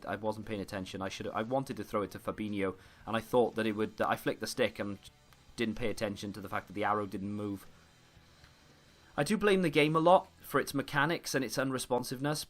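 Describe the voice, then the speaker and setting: A man's voice: fairly low pitch, a bit bright. A man giving running commentary over his own football video game match, frustrated and self-deprecating. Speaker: gaming YouTuber. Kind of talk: live gameplay commentary.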